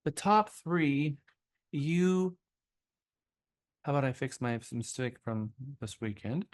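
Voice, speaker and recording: A man with a mid-range voice runs a live sales training class. He talks casually and loosely, filling pauses with ums and uhs. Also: mid-range voice, lively intonation. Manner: casual, many fillers.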